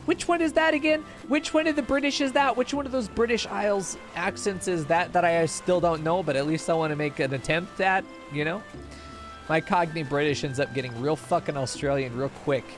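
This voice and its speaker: A man streaming a game, joking and swearing freely as he chats with his viewers. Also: medium pitch. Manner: profane, joking, talks to chat. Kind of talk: casual live-stream chatter. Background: game music.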